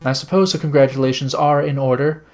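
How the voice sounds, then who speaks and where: A man voicing a serious, measured male prosecutor in a game, speaking slowly and thoughtfully. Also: mid-range voice, steady tone, faint music behind, natural voice.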